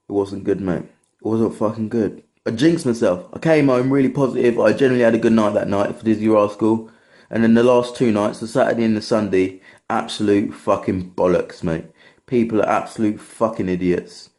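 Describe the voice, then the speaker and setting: A man's voice: on the low side, steady tone, brisk, a little mellow. A young man, ranting casually to camera in a rambling, sweary, exasperated way. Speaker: vlogger.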